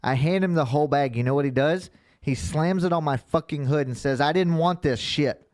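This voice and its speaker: A man's voice: on the high side, fairly quick, darkish tone, no room sound, studio quality. A man, co-hosting a podcast and telling blunt, profane anecdotes in casual chat. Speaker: podcast co-host.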